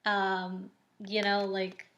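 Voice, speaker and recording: A woman talks through an oracle card reading at an unhurried pace, her pitch sitting in an ordinary middle range. She is casual and chatty, with frequent ums and likes. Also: monotone, a bit bright, lo-fi sound. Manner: slow and unhurried.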